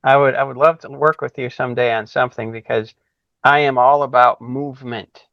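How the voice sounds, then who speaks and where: A man hosting an interview podcast, speaking enthusiastically and affirmingly, thinking out loud as he goes. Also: mid-range voice, fairly even intonation, a little fast, no room sound. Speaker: podcast host. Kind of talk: conversational interview. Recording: dry, dull lo-fi sound.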